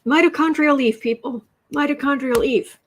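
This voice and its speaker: A woman's voice: high-pitched, normal speed, a little hiss or hum. An American woman hosting a casual political livestream, reading headlines aloud and reacting with exasperation. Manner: exasperated, reads headlines aloud, coos to her cat. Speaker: livestream host.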